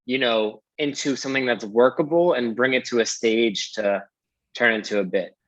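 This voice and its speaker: Guy asking about his jokes, kinda halting, dull dry sound. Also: medium pitch, a bit bright, dry recording. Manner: halting, searching for words. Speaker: comedy student. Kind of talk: casual questions in a comedy class.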